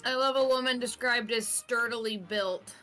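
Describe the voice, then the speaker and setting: A woman's voice: on the high side, moderate pace, bright, forceful tone, soft background music. A woman playing in a tabletop game, making playful, joking asides. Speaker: player.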